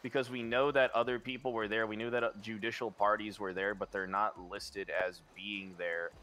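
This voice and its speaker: A man's voice: lowish voice, flat delivery, moderate pace, sharp tone. A man talking in character in a role-play game, emphatic and incredulous.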